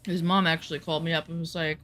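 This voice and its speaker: A woman's voice: deep voice, little pitch movement, fast, fairly bright tone. A woman vlogger casually telling a personal story in a blunt, candid way, swearing freely and rambling with fillers and restarts.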